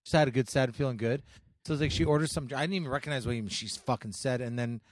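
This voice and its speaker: A man co-hosting a podcast, telling stories in rapid, profane casual chat full of "like". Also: mid-range voice, dry recording, clean studio sound. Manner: rapid, profane storytelling with filler "like". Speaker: podcast co-host.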